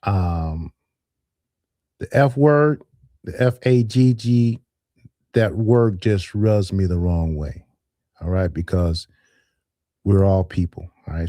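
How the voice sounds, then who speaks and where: A man hosting a live call-in show, speaking in a calm, measured way and often saying "all right". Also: sits low, no echo, clean studio sound.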